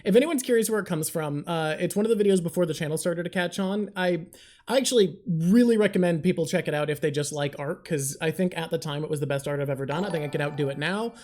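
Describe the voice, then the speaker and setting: A woman hosting a live stream in casual chat, excitable, swearing, and talking in rushed bursts while thanking viewers. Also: on the low side. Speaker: livestream host.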